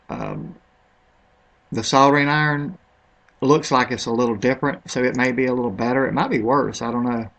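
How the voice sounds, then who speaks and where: A man with a slightly bright, mid-range voice offers casual, meandering remarks while screen-recording a product comparison. His manner is offhand, and he seems unsure how to say certain words.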